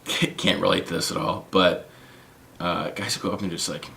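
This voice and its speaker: A man's voice: low voice, steady tone, normal speed, creaky, bright, forceful tone, slight background noise. A young man, a stand-up comedian, chatting casually on a podcast, acting out quotes and laughing often.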